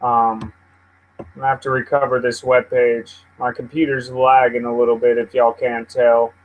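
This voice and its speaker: A man's voice: mid-range voice, flat delivery, normal speed, low-quality recording. A man hosting a casual live news stream, swearing and venting at his computer as he rambles. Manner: profane, easily frustrated, rambling. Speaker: livestream host.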